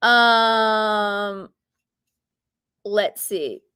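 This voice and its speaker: A woman's voice: medium pitch, extremely slow, bright, forceful tone, smooth. A woman hosting a casual live Q&A, reading viewer comments aloud and chatting freely. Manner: chatty, reads viewer comments aloud, coos at her bird. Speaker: livestream host.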